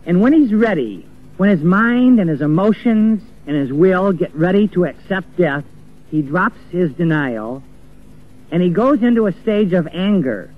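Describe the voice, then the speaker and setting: A man's voice: sits high, animated, a little slow. A man preaching an earnest sermon, acting out the voices of the people he quotes. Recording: tinny phone-like old recording with faint music.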